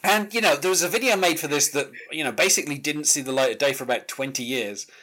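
A man's voice: on the high side, fast, pushed and bright. A man, chatting casually about a song and reading its lyrics aloud, with plenty of fillers. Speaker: music podcast host. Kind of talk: casual chat, track-by-track album discussion.

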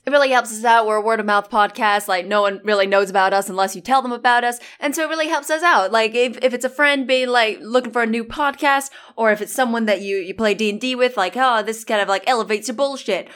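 Fast-talking chatty woman podcast host. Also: on the high side, a bit bright. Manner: chatty, full of "like" and "uh" fillers. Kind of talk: casual show plug.

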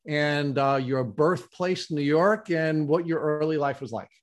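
A podcast interviewer guides the conversation with calm, deliberate questions. The voice sits at a middle pitch.

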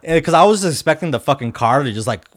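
A man's voice: on the high side, expressive, fast talker. A man, co-hosting a podcast and telling a story in a rambling, slangy way with lots of fillers. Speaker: podcast co-host. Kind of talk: casual storytelling chat.

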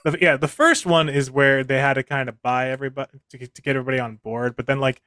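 A man's voice: medium pitch, steady tone, fast talker, pushed and bright, clear, resonant tone, no echo. Brief: male co-host, casual joking banter, self-mocking, close dry mic. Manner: joking, self-deprecating, rambling. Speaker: podcast co-host. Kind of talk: casual chat.

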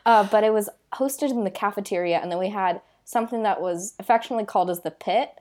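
A woman's voice: medium pitch, fast, a little mellow. A woman co-hosting a podcast in casual chat, making dry, wry asides. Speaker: podcast co-host.

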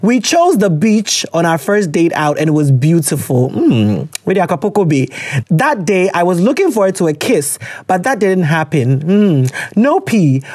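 A man's voice: high voice, sing-song, normal speed, a little mellow, dry recording. A man hosting a podcast, chatting casually and reading listener letters aloud, laughing often and slipping into slang. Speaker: podcast host.

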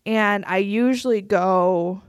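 A woman's voice: mid-range voice, slow pace, smooth, no room sound. Young woman co-host, loose and chatty, mid-range voice, dry close mic. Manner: chatty, heavy use of "like", laughs often. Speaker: podcast co-host. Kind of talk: casual chat. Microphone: podcast microphone.

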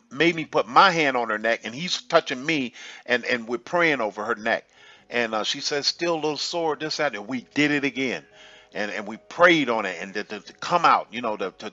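A man's voice: a little high, sharp tone, dull audio. Earnest man giving a heartfelt testimony. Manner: earnest, emotional, repeats himself often. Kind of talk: personal testimony.

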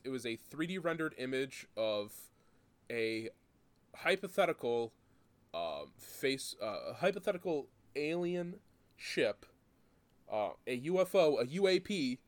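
A man hosting a casual podcast chat, an animated, profane storyteller who laughs often. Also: mid-range voice, clear, resonant tone, dry recording.

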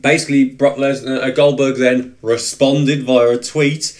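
A man's voice: medium pitch, flat delivery, moderate pace. Rambling man hosting a podcast. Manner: rambling, full of ums and restarts, joking. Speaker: podcast co-host. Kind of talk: casual chat.

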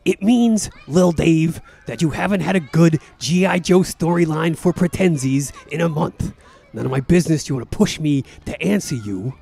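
A man doing a gravelly, brooding tough guy. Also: fairly high pitch, moderate pace, a little mellow. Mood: snarling. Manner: brooding, profane, gravelly musing. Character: gruff tough-guy man drifting in a coma. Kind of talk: improvised comedy role-play.

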